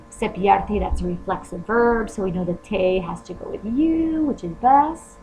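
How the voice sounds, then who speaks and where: A woman's voice: mid-range voice, darkish tone, slight background noise, rough recording. A woman teacher explaining Spanish grammar step by step in a recorded lesson, often asking rhetorical questions.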